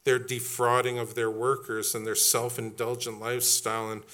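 Bright-voiced pastor preaching a sermon. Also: male voice, mid-range voice, flat delivery, normal speed. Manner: conversational storytelling, building to emphatic repeated questions. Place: church.

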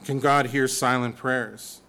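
A man preaching a sermon in a conversational, animated way, with humorous asides. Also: mid-range voice, takes it slowly, gravelly, smooth.

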